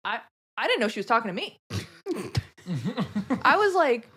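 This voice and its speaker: A woman from Florida, a podcast guest, telling a story in casual chat, animated and swearing freely. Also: a little high, unhurried, slightly rough. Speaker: podcast guest, tarot reader.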